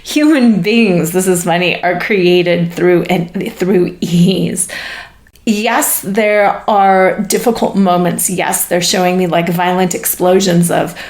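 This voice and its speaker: A woman hosting a session in which she relays channeled spirit messages, speaking in a halting, searching way and laughing often. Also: lowish voice, fairly even intonation, darkish tone. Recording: echoey room.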